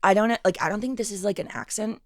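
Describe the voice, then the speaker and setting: Woman voice actress chatting with quick play. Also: medium pitch, no echo, studio quality. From Venezuela. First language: Spanish. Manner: lively, slips into put-on accents. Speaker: podcast guest, comic and voice actress. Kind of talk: casual chat.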